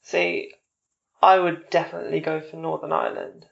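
Gravelly low-voiced woman hosting a podcast. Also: little pitch movement, normal speed, dull audio. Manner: joking and teasing, swears casually. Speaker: podcast host. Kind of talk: casual interview chat.

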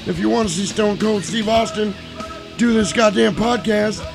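A man putting on the voice of a menacing male pro wrestler, growling slow threats. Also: high-pitched, gravelly, over music, voice pushed up. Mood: menacing swagger.

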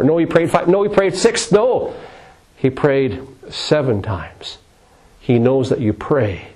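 A man's voice: medium pitch, a little mellow, husky, poor audio. Dramatic male preacher. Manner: dramatic, repetitive preaching with rising and falling emphasis. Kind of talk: sermon.

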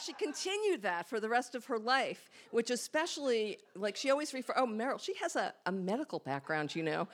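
A woman telling a candid, self-mocking personal story on stage before a live audience, acting out her own thoughts as she goes. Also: fairly high pitch. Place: small hall with a live audience.

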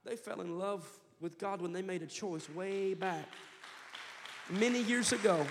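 A man's voice: sits high, long reverb tail. A man pastor preaching a sermon, telling a story with rising fervor and heavy repetition. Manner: impassioned storytelling preacher, building to loud fervor. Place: church sanctuary.

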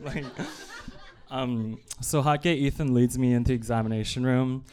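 A man's voice: medium pitch, steady tone, normal speed, mellow, slight background noise. A man doing live comic storytelling on stage, chatty and self-deprecating with lots of asides and fillers. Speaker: stand-up comedian. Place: live evening show on stage.

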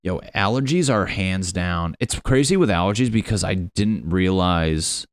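A man's voice: low voice, lively intonation, unhurried, no room sound. A young man hosting a casual solo podcast, rambling and swearing, laughing at his own jokes. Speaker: podcast host.

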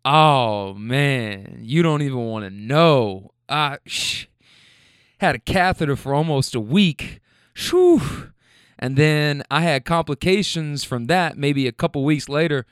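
A man voicing a laid-back middle-aged male passenger who talks in a relaxed, chatty, matter-of-fact way. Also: on the high side, slow, clean tone, no room sound, clean studio sound. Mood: recounting.

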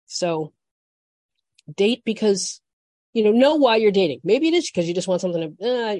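A woman's voice: mid-range voice, expressive, normal speed, mellow, dry recording. A woman hosting a podcast, talking frankly and casually about dating and self-worth, often restarting her sentences. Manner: frank, conversational, restarts and swears for emphasis. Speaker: podcast host. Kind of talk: casual advice monologue.

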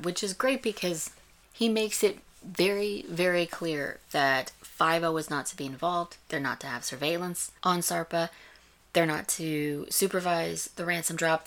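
A woman's voice: low-pitched, normal speed. A woman hosting a podcast, giving a chatty, analytical recap of a TV episode. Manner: chatty, analytical, animated retelling. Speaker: podcast host reviewing a TV episode. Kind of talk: casual recap and commentary.

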